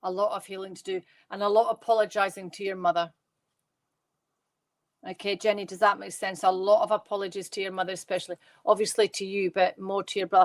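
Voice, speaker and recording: A Scottish woman giving live psychic readings from her bedroom at home, talking fast and chatty, with rambling restarts. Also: medium pitch, dry recording.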